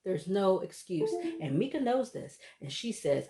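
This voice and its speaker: Low-voiced woman chatting through a recap. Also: very animated, a little slow, dark tone. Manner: chatty, laughs often, acts out quotes. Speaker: reality TV recap vlogger. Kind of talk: casual recap chat.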